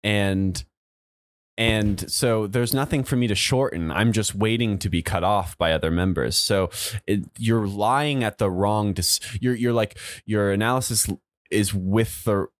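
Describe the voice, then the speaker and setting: A man's voice: on the low side, measured pace, no echo. A young adult man, a comedian and podcast co-host, chatting casually, laughing often and restarting his sentences. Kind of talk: casual chat.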